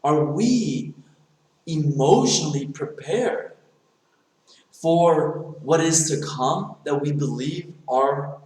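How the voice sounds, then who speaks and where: A man tells a motivational story with animated delivery, acting out the characters' lines as he goes. His voice sits a little high. The recording is very echoey, as if made in a bare room. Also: slow. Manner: animated, acts out dialogue in the telling.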